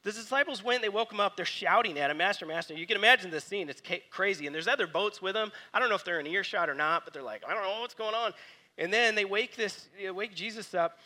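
A man preaching a sermon, telling stories with lively energy and dropping to quiet, soft reflection. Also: high-pitched, fast talker, few pauses. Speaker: pastor.

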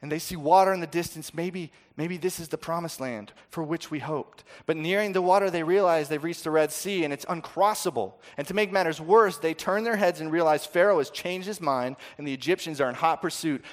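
A man preaching a sermon, swinging from loud, dramatic quoting to soft, intimate asides. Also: a little high.

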